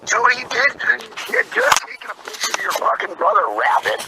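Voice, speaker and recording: A man's voice: high-pitched, huge pitch swings, brisk, creaky, pushed and bright, slight background noise, low-quality recording. A man in casual conversation telling a heated story, swearing and calling his listener bro. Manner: heated storytelling, profane, says bro a lot.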